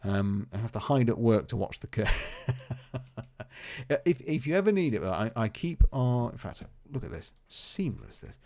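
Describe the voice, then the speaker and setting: A man's voice: medium pitch, big pitch swings, moderate pace, mellow. A man streaming a colony game, rambling casually and chatting to his characters and viewers. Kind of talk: casual live gameplay commentary.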